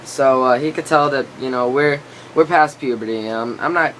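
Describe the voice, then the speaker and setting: A man's voice: mid-range voice, moderate pace, a bit bright, slight background noise. A teenage boy telling a story to camera in a rambling casual way, full of fillers, his voice breaking and cracking now and then. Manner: rambling, lots of filler and restarts. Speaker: vlogger.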